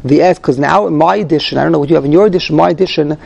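A man with a gravelly, slightly high voice leads a text study class. He reads Hebrew phrases aloud, then translates and explains them, openly thinking out loud as he goes. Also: very fast, lo-fi sound. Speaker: Torah class teacher.

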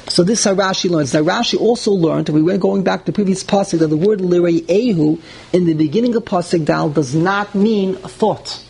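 Guy teaching a text, high voice, bit of hiss behind him. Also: moderate pace, creaky, low-quality recording. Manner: translates phrase by phrase, animated and indignant at points. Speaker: Torah teacher. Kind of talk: text study class.

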